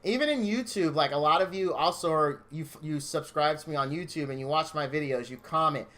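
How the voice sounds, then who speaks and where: A man's voice: fairly high pitch, brisk, a bit bright. A man streaming from his home game room, chatting casually with viewers in a gushing, openly emotional, rambling way.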